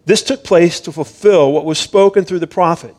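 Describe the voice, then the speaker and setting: Male pastor with a higher voice, conversational sermon style, explains and reads scripture. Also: moderate pace, a little mellow.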